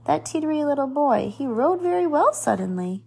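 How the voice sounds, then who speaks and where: A woman's voice: high voice, very animated, moderate pace, gravelly, darkish tone, voice pushed up, heavily acted. Mister Lambchop, woman reading a teasing father. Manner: teasing, knowing. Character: kindly playful father. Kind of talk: storybook read-aloud.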